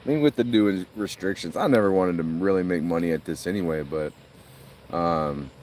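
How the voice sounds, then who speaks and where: Beside a lake, a middle-aged man chats on a phone livestream, his deep, darkish voice at a moderate pace. He's recorded from a distance with a slight hiss or hum, and he rambles through stories, laughing a lot.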